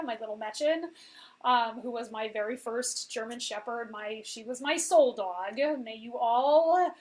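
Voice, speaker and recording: A woman's voice: fairly high pitch, low-quality recording. A woman in her forties, a veterinarian and coach, giving a casual motivational talk and often checking in with "okay?". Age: 40s.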